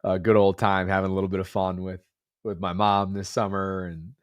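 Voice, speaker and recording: A man in his thirties co-hosts a casual podcast chat with a low, congested voice. He rambles in an earnest, reflective way. The recording is dry and close, with no room sound. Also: level tone, brisk, dry recording. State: congested, under the weather. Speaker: podcast co-host.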